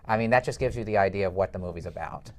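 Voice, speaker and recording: A man leading a casual film review panel, speaking haltingly with frequent restarts. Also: low voice. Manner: hesitant, many fillers and restarts. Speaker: film review show moderator.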